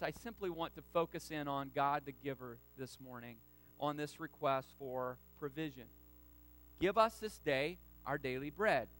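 A pastor preaching a sermon with strong emphasis, sometimes calling on the congregation to repeat a line with him. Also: male voice, on the high side, poor audio. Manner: emphatic preaching, rising to loud stresses; asks the congregation to repeat lines.

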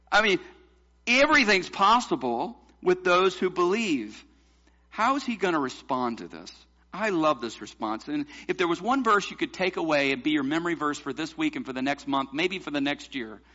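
Bright-voiced preacher, emphatic and questioning. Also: male voice, on the high side, lo-fi sound. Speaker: pastor. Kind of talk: sermon.

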